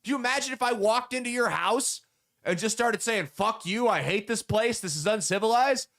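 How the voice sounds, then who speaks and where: A man's voice: sits high, normal speed, fairly bright tone. A man hosting political commentary, ranting with sarcastic, profane, heated delivery.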